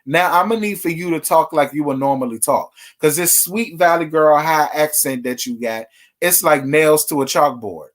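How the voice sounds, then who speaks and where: Man, livestream gossip host, sassy, chatty, slightly high voice. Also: normal speed. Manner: sassy, chatty, talks straight to viewers. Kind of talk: casual reality TV gossip livestream.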